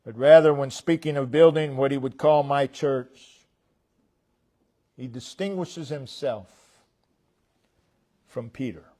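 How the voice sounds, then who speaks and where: A man preaching a sermon as pastor. He speaks deliberately and stresses key words loudly, then drops his voice low at the ends of phrases. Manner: emphatic, deliberate, with sharp swings between loud stresses and quiet drops. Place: church.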